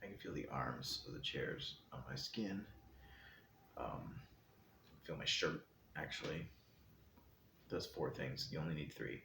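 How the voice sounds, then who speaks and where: Deep-voiced man musing in an echoey room. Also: expressive, measured pace, gravelly, pauses often. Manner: thoughtful, meandering explanation. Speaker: host. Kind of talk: casual reflective talk. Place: indoor room, seated in a chair. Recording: echoey room, faint background hiss.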